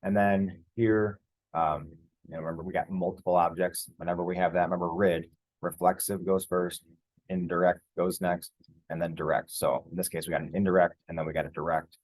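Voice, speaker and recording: A man teaching Spanish grammar over slides, relaxed and conversational, with frequent fillers and restarts. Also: low-pitched, fairly quick, rough recording.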